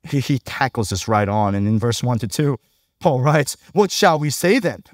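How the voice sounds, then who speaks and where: A man's voice: medium pitch, animated, moderate pace, dry recording, clean studio sound. A male pastor preaching a sermon in a conversational way, often checking in with the congregation by asking "right?".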